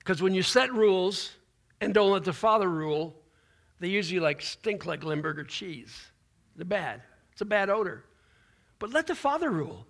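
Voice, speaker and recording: A man's voice: sits high, fairly bright tone. A man preaching a sermon as pastor, in an informal way with restarts and folksy asides. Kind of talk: conversational sermon.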